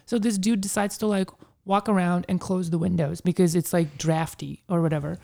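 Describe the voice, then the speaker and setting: Woman guest, dark and mellow tone, casual storyteller, filler-heavy. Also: on the low side, steady tone, a little fast, vocal fry, hardly any pauses. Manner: chatty storyteller, heavy use of "like". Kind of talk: casual interview conversation.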